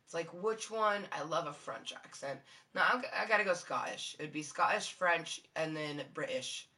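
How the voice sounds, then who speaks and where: A female live streamer chats casually with her viewers in a low, sharp-toned voice at normal speed. She rambles through fillers, swears and giggles as she goes.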